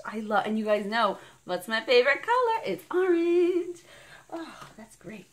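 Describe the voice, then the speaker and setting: A woman's voice: fairly high pitch, animated, measured pace. A woman vlogging an unboxing in a casual, bubbly and rambling way, gushing over each item. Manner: bubbly and gushing, squealing with delight; rambling and chatty.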